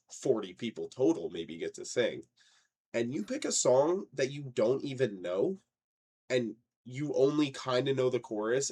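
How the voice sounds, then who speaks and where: A young man co-hosting a casual podcast, telling stories with swearing and loud, mocking outbursts. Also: mid-range voice. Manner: animated storyteller, swears, mocks wrong lyrics with rising outbursts. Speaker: podcast co-host. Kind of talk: casual chat.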